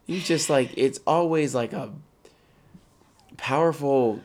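A man's voice: medium pitch, takes it slowly, darkish tone. A man co-hosting a casual chat, teasing and joking with his partner.

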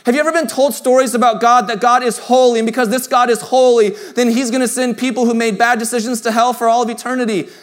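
High-voiced male pastor preaching. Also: flat delivery, quick pace, hardly any pauses. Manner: conversational preaching, drops to soft hushed tones for tender lines. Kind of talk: sermon. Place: church.

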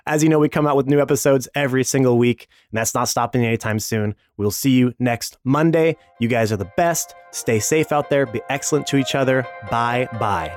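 A man hosting a podcast and playing in the game, speaking in an energetic, enthusiastic way. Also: medium pitch, a little fast, hardly any pauses, soft background music. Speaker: podcast host and player. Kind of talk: upbeat promo read and casual play.

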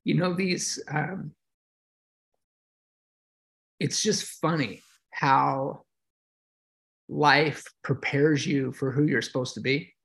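Gravelly emotional man telling his story. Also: on the high side, fairly even intonation, slow pace, pauses often, fairly bright tone. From United States. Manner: reflective, emotional, with many fillers and restarts. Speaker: podcast guest, veteran and yoga teacher. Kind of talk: casual interview storytelling.

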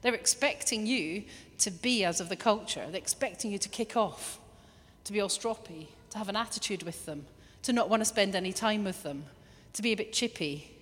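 A woman preaching a lively sermon, now and then acting out little quoted voices. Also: medium pitch, moderate pace. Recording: long hall reverb.

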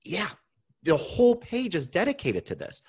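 A young man hosting a podcast as a nutrition coach, talking casually, animated and swearing freely as he rants. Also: high-pitched, normal speed, husky.

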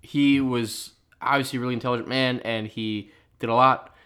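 A man's voice: medium pitch, steady tone, moderate pace, sharp tone, smooth. A man co-hosting a podcast, teasing his friends while steering the chat back on track. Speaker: podcast co-host. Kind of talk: casual comedic chat.

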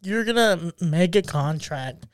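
High-voiced teasing man on podcast. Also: lively intonation, moderate pace, no room sound. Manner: teasing, laughs often. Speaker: podcast co-host. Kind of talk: casual chat.

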